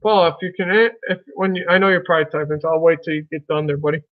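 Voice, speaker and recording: A man's voice: fairly high pitch, steady tone, very fast, narrow, tinny audio. A man hosting a casual live stream, chatting in a folksy way and greeting viewers by name.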